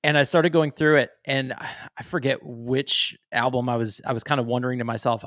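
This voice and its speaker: A man's voice: medium pitch, steady tone, moderate pace, few pauses, fairly bright tone, dry recording, studio quality. A man hosting a podcast, asking questions in an eager, enthusiastic, loose way. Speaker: podcast host. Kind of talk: casual interview chat.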